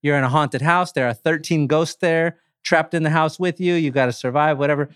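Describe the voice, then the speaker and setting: A man co-hosting a podcast, chatting casually about horror movies, animated, swearing and laughing often. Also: fairly high pitch, brisk, smooth, no echo, studio quality. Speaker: podcast co-host. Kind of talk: casual chat.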